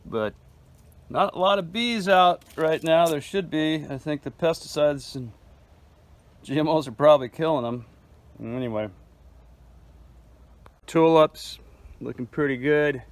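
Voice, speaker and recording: A man's voice: fairly high pitch, measured pace, pauses often, dry recording, poor audio. A man giving a casual, chatty walking tour of his farm garden outdoors, filmed on a handheld phone. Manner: laid-back and chatty, calls viewers man and dude. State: chewing food at times.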